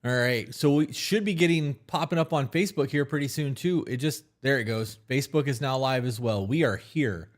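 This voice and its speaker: A man's voice: mid-range voice, brisk, few pauses. Rambling man co-hosting a podcast. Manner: rambling, with many fillers and restarts. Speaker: podcast co-host. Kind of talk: casual live-stream chat.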